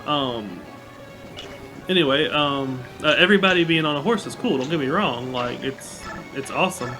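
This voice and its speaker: A man's voice: fairly high pitch, lively intonation, moderate pace, over music. A man giving casual gameplay commentary, rambling with lots of fillers and now and then reading game dialogue aloud. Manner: reads game dialogue aloud between remarks. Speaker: let's play gamer.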